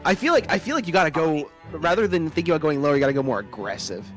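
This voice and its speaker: A man chatting and laughing with friends while they play a game on stream. His pitch moves around a lot. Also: lively intonation, racing, soft background music. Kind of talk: casual chat over gameplay.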